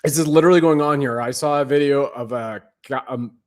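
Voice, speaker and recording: A man's voice: mid-range voice, a little fast. A man hosting a show, delivering a rambling, conspiratorial livestream monologue. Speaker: show host.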